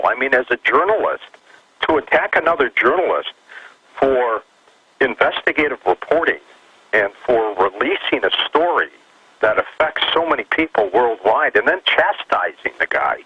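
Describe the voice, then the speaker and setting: A man joining a talk radio show as a guest, speaking in a lively, indignant way with stammering restarts, heard over a dull phone line. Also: mid-range voice, normal speed, husky.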